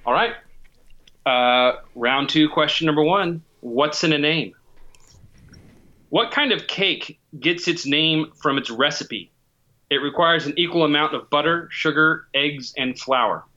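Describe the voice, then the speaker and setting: A man in his forties reading trivia questions in a steady, matter-of-fact way during casual podcast banter. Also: a little high, unhurried, muffled recording.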